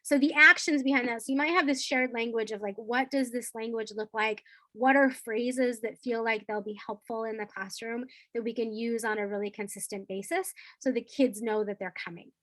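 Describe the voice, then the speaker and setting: Woman teacher talking to other teachers, bit high voice, playful, dry close sound. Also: normal speed, hardly any pauses, dry recording, rough recording. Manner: lively, acts out playful classroom phrases. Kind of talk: teacher training talk.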